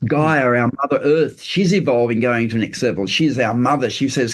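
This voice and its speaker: With a mid-range voice, an older podcast guest chats casually in an interview, explaining earnestly but loosely. He frequently pauses on fillers and restarts his sentences.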